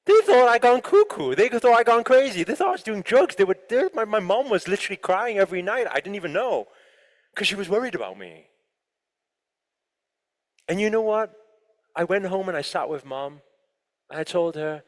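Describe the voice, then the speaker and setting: A man giving an animated motivational talk to a live audience, often asking the listeners questions. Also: sits high, normal speed. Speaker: motivational speaker. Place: large room with an audience. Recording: long hall reverb.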